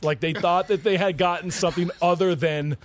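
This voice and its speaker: A man co-hosting a podcast, his voice hoarse and raspy, telling stories in a loose, profane, laid-back way. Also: high voice, steady tone, a little fast, slight background noise. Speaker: podcast co-host. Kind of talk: casual chat.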